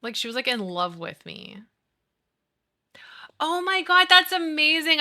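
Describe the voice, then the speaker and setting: Bright, bubbly woman streamer. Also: high voice, measured pace, long pauses. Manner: animated, giggly, gushing. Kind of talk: casual chat with live chat.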